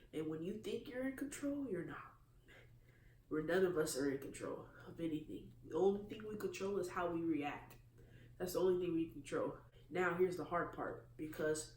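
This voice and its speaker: Guy doing an earnest testimony vlog, kinda far off the mic, roomy echo, faint hiss. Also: a little high. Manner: earnest, confessional. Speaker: vlogger. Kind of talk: personal faith testimony. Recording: echoey room from a distance.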